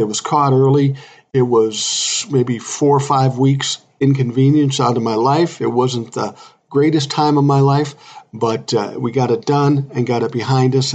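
A man's voice: medium pitch, gravelly, darkish tone, slightly rough. A man in his sixties hosting a solo podcast, talking bluntly and irritably, swearing often. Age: 60s. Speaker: podcast host.

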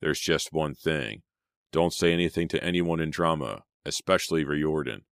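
A smooth, secretive young man, calm and measured, from a storybook reading, given by a man in his own very deep voice. The delivery stays low and even. The recording is dry and close. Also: no room sound. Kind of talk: audiobook character reading.

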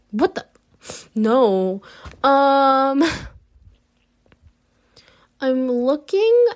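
A young woman casually rambling through a vlog, incredulous and laughing often, with lots of fillers. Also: mid-range voice. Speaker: vlogger. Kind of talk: casual unscripted commentary.

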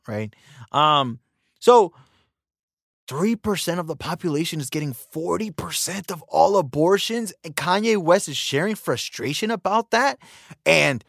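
A man's voice: on the high side, dry recording, clean studio sound. A man hosting a podcast, delivering an opinionated casual monologue, often asking "right?" and acting out quoted exchanges. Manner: animated, repeats "right?" and acts out quoted lines. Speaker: podcast host.

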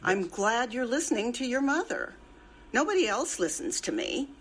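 An actress playing a fretful middle-aged mother in a film scene, nagging and dramatic in her husky voice. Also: a little high, very animated, moderate pace. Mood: complaining. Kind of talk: film dialogue.

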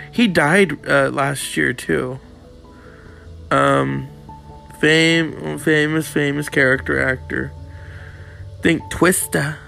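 A man's voice: on the high side, gravelly, fairly bright tone. A man rambling through a casual, profane monologue, laughing and reading bits aloud from web pages as he goes.

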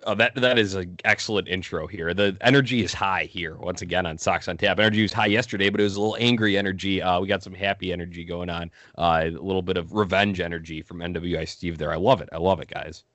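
A man's voice: deep voice, steady tone, fast talker, hardly any pauses, fairly bright tone, no echo. A man hosting a casual sports podcast, upbeat and full of fillers, plugging the show. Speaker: podcast host.

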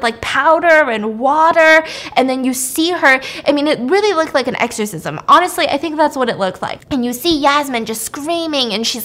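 A woman hosting a podcast, casually retelling a horror film's plot, acting out the lines and dropping to a hush for creepy moments. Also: fairly high pitch. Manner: animated, acts out quotes, drops to a hush for creepy parts. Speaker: podcast host. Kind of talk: casual film recap storytelling.

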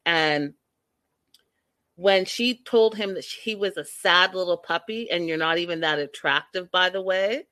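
A woman hosting a casual live-stream recap of a reality show, talking to viewers in a sassy, animated, exasperated way. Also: lowish voice, unhurried, dry recording.

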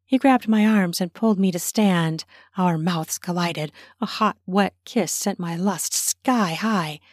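A woman narrating her own erotic story in a slow, intimate way, slipping into whispers. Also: lowish voice, no echo, studio quality.

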